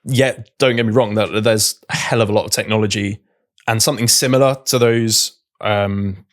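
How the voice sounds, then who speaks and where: A man's voice: fairly low pitch, steady tone, moderate pace. A man co-hosting a podcast, talking informally with hesitations and fillers. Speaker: podcast co-host. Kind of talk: casual podcast chat.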